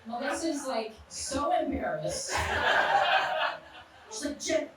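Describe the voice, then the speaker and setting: A woman's voice: on the high side, animated, unhurried, heavy reverb, distant mic, very noisy. A woman in her thirties performing a brash, punchy stand-up set in a live comedy club. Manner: brash, punchy storytelling with crude jokes.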